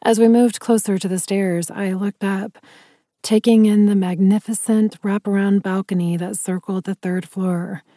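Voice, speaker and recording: A woman reads a first-person fantasy novel aloud in a measured, wry manner. Her voice is mellow and warm, recorded very dry and close. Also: medium pitch, fairly even intonation, dry recording. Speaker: audiobook narrator.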